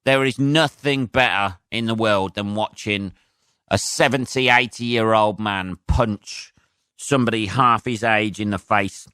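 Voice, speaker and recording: A man hosting a solo podcast as a comedian, rambling and excitable with plenty of swearing. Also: on the low side, unhurried, clear, resonant tone, no room sound, clean studio sound. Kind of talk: casual solo podcast rant.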